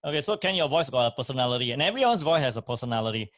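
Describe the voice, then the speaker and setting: Male co-host, mid pitch, dry close sound, instructive. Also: very animated, racing, a bit bright, no echo. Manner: emphatic, instructive, repeats key points. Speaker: co-host and motivational speaker. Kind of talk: casual chat, giving advice.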